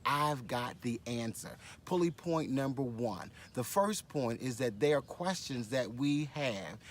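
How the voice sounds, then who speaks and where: A man's voice: medium pitch, lively intonation, a little slow, slight background noise. A man hosting a daily devotional as a pastor, speaking on location at a conference with exuberant energy, repeating phrases and leading affirmations. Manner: exuberant, repeats phrases for emphasis, leads call-and-response affirmations. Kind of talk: upbeat devotional message.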